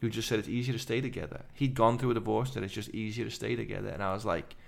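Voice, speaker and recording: A middle-aged man with an English accent, a podcast guest telling his story in fast, animated run-on sentences. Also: on the low side, vocal fry. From England. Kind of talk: casual conversation.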